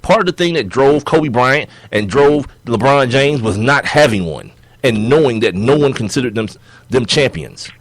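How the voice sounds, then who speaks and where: A young man co-hosting a sports podcast in casual chat, animated and laughing as he argues his points. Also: mid-range voice, moderate pace, no room sound. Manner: animated, laughing, acts out players' quotes.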